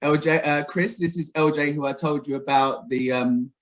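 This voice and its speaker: A man's voice: on the high side, fairly even intonation, normal speed, poor audio. A man hosting a casual video-call interview, friendly and a little rambling with fillers. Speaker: host.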